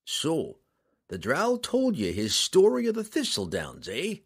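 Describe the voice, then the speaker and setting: Audiobook villain: coarse, leering rough man with a slow, lively drawl, voiced by the narrator. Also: a little high, pitched above the performer's own voice, exaggerated voice. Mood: mocking. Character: brutish, menacing rough man. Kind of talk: audiobook character voice.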